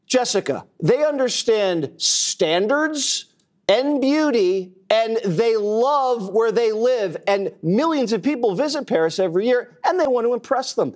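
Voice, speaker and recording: A man's voice: extremely high pitch, lively intonation, darkish tone. A man arguing his point in a panel debate, stretching words out for emphasis. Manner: emphatic, drawn-out for effect. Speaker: panel guest. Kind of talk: opinionated debate.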